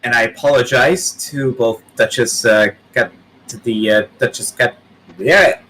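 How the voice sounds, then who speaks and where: A man's voice: mid-range voice, measured pace, a bit bright, low-quality recording. Matter-of-fact male player, faint noise. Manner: brief, matter-of-fact action statements. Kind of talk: playing a tabletop game.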